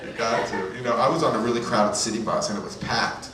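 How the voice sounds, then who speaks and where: A man's voice: mid-range voice, fast talker, noisy background. Brooklyn-raised male comic in an echoey club. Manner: rambling, self-mocking, chatty asides. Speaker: stand-up comedian. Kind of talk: stand-up comedy set. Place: comedy club stage. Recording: echoey club from far off with crowd.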